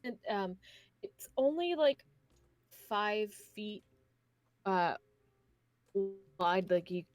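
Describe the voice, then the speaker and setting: A woman runs a tabletop game at an unhurried, drawn-out pace. She describes the scene in a loose, halting way, filling pauses with small hesitations. Her voice sits in an ordinary middle register. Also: mid-range voice. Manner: relaxed, halting narration with many fillers and laughs. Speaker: game master.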